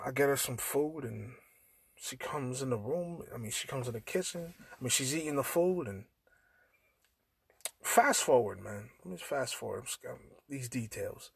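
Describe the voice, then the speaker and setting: A young man hosting a podcast, telling a profane, animated story in casual chat and acting out the dialogue. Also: mid-range voice, moderate pace, creaky, slightly rough. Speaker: podcast host. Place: in a car.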